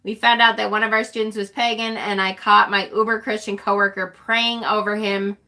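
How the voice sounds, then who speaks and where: A middle-aged woman with a bright, sharp-edged voice, chatting loosely on a livestream. She talks bluntly, swears without a second thought, and laughs often between remarks. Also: medium pitch, level tone, fairly quick. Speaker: livestream host. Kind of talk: casual livestream chat.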